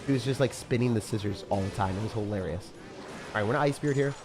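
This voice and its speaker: A man with a low, slightly hoarse morning voice talks casually through a live game stream. He mixes play-by-play calls with chatty replies to viewers, while faint music plays underneath. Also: fast. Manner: casual, chatty, reads viewer comments aloud. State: rough morning voice. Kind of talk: live gameplay commentary and chat reading.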